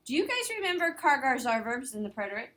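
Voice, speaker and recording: A woman's voice: sits high, sing-song, fast, fairly bright tone. Lady teacher going over grammar step by step, asks the kids questions, bit of faint noise behind. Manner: explains step by step, quizzing students. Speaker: Spanish teacher. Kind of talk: casual classroom review.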